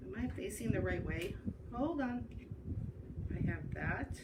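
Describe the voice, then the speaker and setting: A woman's voice: mid-range voice, expressive, a little slow. Chatty woman teaching a hand craft. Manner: chatty, self-interrupting with "hold on". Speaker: craft host. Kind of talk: live craft tutorial. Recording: distant mic with noise.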